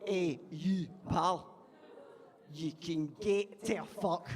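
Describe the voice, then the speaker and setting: A man putting on an angry Glaswegian heckler. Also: high-pitched. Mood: aggressive. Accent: Glaswegian Scottish, put on. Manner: angry, menacing slow drawl. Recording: echoey venue with crowd.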